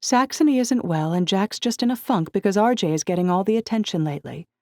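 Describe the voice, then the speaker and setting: Brief: woman narrator as a soothing middle-aged mom, raised higher and a little louder, dry. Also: quick pace, no echo, natural voice. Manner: calm, placating.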